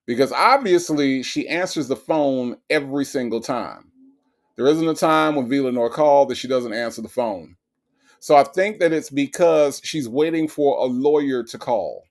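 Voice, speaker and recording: Mocking male stream commentator. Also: mid-range voice. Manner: mocking, laughs often, reads chat aloud. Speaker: host. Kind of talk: comedic commentary on a livestream.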